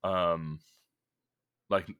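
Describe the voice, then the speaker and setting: Young dude podcast cohost, kinda low but bright voice, rambly casual chat. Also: male voice, level tone, extremely slow, clean tone. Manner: rambling, many fillers and restarts. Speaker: podcast co-host.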